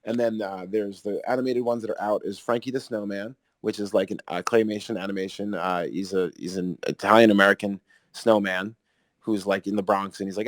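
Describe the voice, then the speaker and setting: A man hosting a podcast in casual chat, rambling and excitable, swearing freely. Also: lowish voice, brisk, no room sound. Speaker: podcast host.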